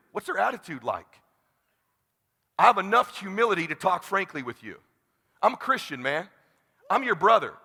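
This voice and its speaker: A man in his forties giving a live keynote as a motivational speaker, talking bluntly and intensely and shouting to rouse the audience. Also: high voice, vocal fry. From California, USA. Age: 40s. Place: large conference hall. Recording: long hall reverb.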